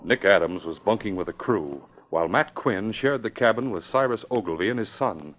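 A man narrating an old radio adventure drama in a brisk, dramatic way. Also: on the low side, lively intonation, a bit bright. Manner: brisk and dramatic, rising with the action. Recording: dull old radio recording with hiss.

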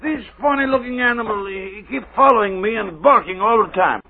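An actor playing an excitable woodsman speaking broken English, in 1940s radio acting. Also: high voice, fairly quick, phone-quality sound. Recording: old radio broadcast, phone-thin, very noisy.

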